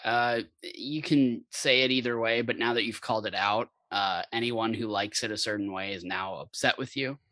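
A co-host on a casual podcast, cutting in with playful wisecracks. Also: male voice, fairly low pitch, sharp tone, no room sound. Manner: quick playful interjections and wisecracks.

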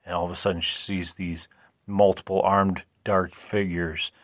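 A man's voice: low-pitched, level tone, normal speed. A man hosting a podcast, recapping a movie in a casual, rambling way, often restarting and asking listeners "right?". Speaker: podcast host.

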